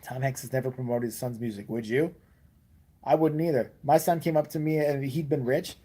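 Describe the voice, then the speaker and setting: A man's voice: mid-range voice, brisk, dark tone, slightly rough. A man from Chicago in a profane, ranting comedic chat, full of slang. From Chicago, USA.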